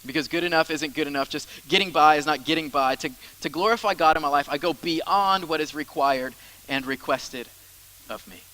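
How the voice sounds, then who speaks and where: A man's voice: a little high, a little fast, pushed and bright, poor audio. A man preaching a sermon as the church's pastor, in a conversational style with asides and repeated phrases.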